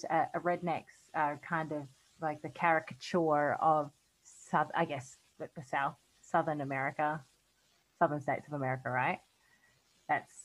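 A woman's voice: sits low, breathy edge, low-quality recording. An Australian woman in casual podcast chat, chatty and often laughing, trailing off mid-thought. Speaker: podcast co-host.

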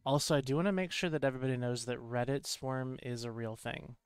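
A man talking on a casual podcast call, laying out details in a matter-of-fact way. His voice is smooth and clean, recorded dry and close to the mic. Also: mid-range voice, fairly even intonation, fast, no room sound.

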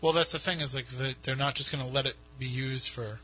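Bright-voiced rambling New host. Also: male voice, mid-range voice, fairly even intonation, brisk, breathy edge, poor audio. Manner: rambling, self-mocking. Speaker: podcast host. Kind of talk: casual radio chat.

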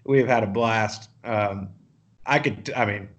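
A man, a professional golfer, telling animated, profane stories as a podcast guest and laughing often. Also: on the low side, a little slow. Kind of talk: casual storytelling.

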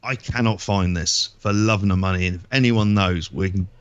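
A man's voice: low voice, moderate pace, clear, resonant tone, no room sound, dull audio. A man co-hosting a podcast, telling rambling stories in casual chat and swearing freely. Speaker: podcast co-host.

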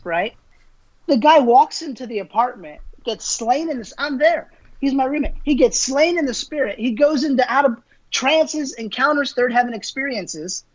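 A man's voice: very high voice, lo-fi sound. A man, a minister, telling stories in a casual interview, acting out the voices he quotes and laughing often.

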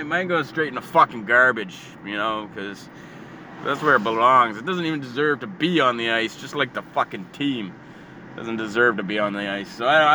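A young man ranting profanely and sarcastically, jumping from loud outbursts to low muttering. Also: slight background noise. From Canada. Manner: swears constantly, sarcastic, swings between shouting and muttering. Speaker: hockey fan ranting. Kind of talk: profane casual rant.

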